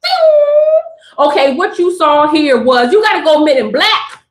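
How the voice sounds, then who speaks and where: High-voiced, emphatic woman in an echoey room. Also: normal speed, background noise. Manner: animated, emphatic, slangy, preachy. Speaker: spiritual reader. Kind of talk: live-stream spiritual message. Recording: roomy echo.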